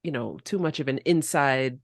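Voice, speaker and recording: A woman's voice: very deep voice, moderate pace, dry recording, studio quality. A woman hosting a podcast interview, talking in an enthusiastic, chatty way with many filler words. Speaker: podcast host. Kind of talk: casual interview chat.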